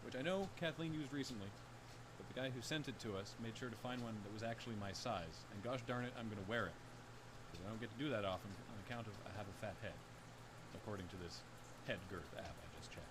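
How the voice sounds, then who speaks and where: A man's voice: fairly low pitch, fast talker, background noise. A Canadian man hosting a scripted satirical news segment with a dry, sardonic delivery. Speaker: comedy news host.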